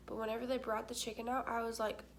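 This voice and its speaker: A woman's voice: on the high side, flat delivery, fast, a little hiss or hum. A young adult woman vlogging in casual chat, candid and talkative, with frequent filler words.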